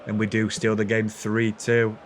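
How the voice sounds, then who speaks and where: A man's voice: fairly low pitch, monotone, normal speed, slight background noise. A young man, chatting casually and self-deprecatingly through his football game footage. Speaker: gaming YouTuber. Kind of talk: casual gameplay commentary.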